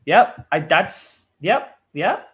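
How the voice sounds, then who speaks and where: Slightly high-voiced guy co-hosting, slow and halting, all excited. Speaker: co-host. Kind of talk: casual react chat.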